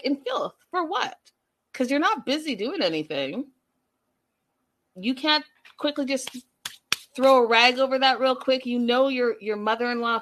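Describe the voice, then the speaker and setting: A woman's voice: on the high side, fairly bright tone. A woman giving an opinionated, sassy recap of a reality show, talking straight to her viewers. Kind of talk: casual reality TV recap commentary.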